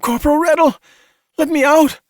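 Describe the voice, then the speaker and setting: A man's voice: very high-pitched, moderate pace, no room sound, clean studio sound, voice pushed up. A man voicing a terrified young woman doctor, shrieking and pleading. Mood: panicked. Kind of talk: audiobook character voice.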